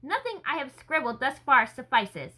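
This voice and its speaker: A woman voicing an earnest, enthusiastic gentleman scholar in a story reading, speaking effusively. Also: sits high, sing-song, normal speed, heavily acted, poor audio. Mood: eager.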